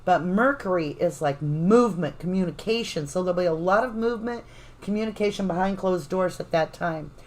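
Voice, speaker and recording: A woman's voice: lowish voice, a little fast, rough recording. A woman with a Southern US accent giving a live tarot reading, chatting affectionately with viewers and cheering them on. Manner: energetic cheerleading. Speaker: tarot reader.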